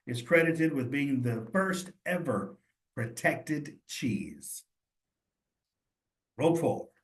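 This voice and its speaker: A man leading a live study session, thinking aloud and talking straight to his students in a chatty, encouraging way. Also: mid-range voice. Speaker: cheese instructor. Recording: roomy echo.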